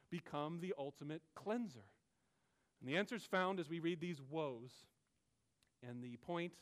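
A man preaching a sermon as pastor, earnest, with rising and falling emphasis. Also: fairly high pitch.

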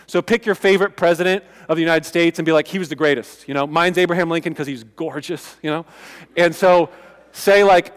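Pastor, man, slightly high voice, conversational emphatic sermon, long hall reverb. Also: a little fast, clean tone. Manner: conversational, emphatic preaching with asides.

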